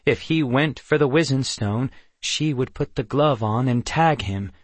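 A man reading a storybook aloud at a slow, deliberate pace, recorded close and dry with no room sound. His pitch sits in the ordinary male middle and his delivery is measured and even. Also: no room sound. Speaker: audiobook narrator. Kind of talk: scripted narration.

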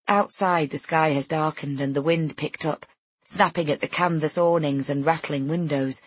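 A woman narrating a first-person novel in a measured, intimate way. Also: low-pitched, steady tone, husky, no echo. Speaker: audiobook narrator.

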